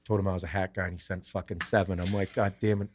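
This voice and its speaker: A podcast host telling a casual story in a profane, rambling way. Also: male voice, low-pitched, level tone, fast, a little hiss or hum. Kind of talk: casual chat.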